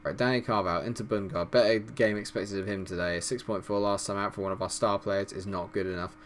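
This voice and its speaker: A man doing live commentary over a football management game, exasperated and swearing, swinging from low mutters to loud outbursts. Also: fairly even intonation, fast, a little hiss or hum. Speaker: gaming commentator.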